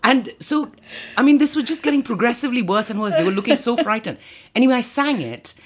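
A woman guest on a podcast, telling a story in casual chat, animated and laughing, acting out other people's lines. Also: on the high side, fast talker, husky.

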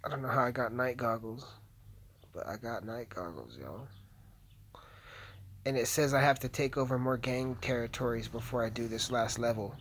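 A man hosting a podcast, chatting casually with constant swearing and crude jokes while playing a video game. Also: medium pitch. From United States. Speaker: podcast host. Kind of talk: profane casual podcast chat while gaming.

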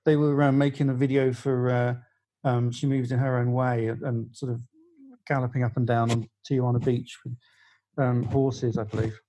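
A man's voice: mid-range voice, little pitch movement, normal speed, dark tone, poor audio. A middle-aged man, a music journalist, telling a long anecdote in casual podcast chat, full of fillers and restarts. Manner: rambling storyteller with many fillers and restarts.

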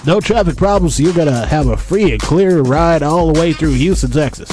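A man's voice: on the high side, expressive, moderate pace, a little mellow, faint music behind. A man doing a comedic traffic report from a nightclub, rambling and easily sidetracked.

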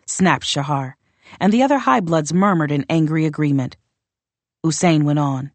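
Low-voiced woman narrating a fantasy novel. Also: moderate pace, darkish tone, no room sound. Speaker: audiobook narrator.

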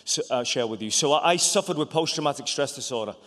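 A man preaching a sermon as an evangelist, animated and stammering through restarts, swinging between loud bursts and hushed asides. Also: medium pitch, fast. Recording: long hall reverb.

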